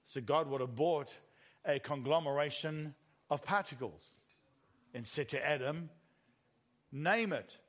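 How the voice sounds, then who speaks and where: A man's voice: fairly high pitch, unhurried. A middle-aged man with a New Zealand accent preaching a sermon, telling stories with animation and laughing at his own jokes.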